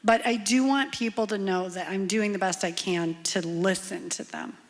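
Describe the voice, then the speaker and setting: A woman's voice: mid-range voice, fairly even intonation, normal speed. A woman, a state representative on a church panel, speaking sincerely and firmly. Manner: sincere, firm. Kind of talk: panel talk.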